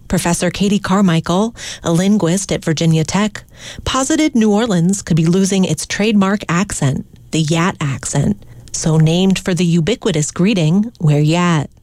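A woman radio news host reading a scripted introduction in a measured, formal way. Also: fairly low pitch, darkish tone, no room sound.

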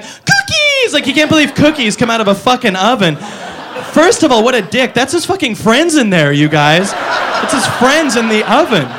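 A man's voice: very high-pitched, noisy background. A man doing a stand-up comedy set, exasperated and profane, talking straight to the crowd.

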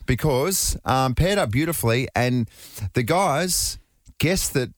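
A man's voice: medium pitch, expressive, slow, dry recording, studio quality. A man hosting a radio show, teasing and joking with his co-host. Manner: playful, teasing. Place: radio studio.

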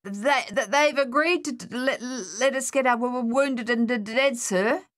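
A woman's voice: fairly high pitch, fairly bright tone, pitched above the performer's own voice. A woman voicing a young male soldier who speaks with a heavy stammer. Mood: earnest, stammering. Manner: stammering, halting.

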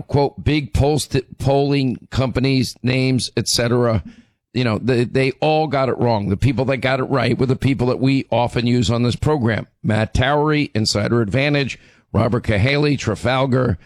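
A middle-aged man hosting a radio talk show, hoarse from losing his voice, talking emphatically and often restarting his sentences. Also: mid-range voice, no echo. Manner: emphatic, repeats words as he restarts.

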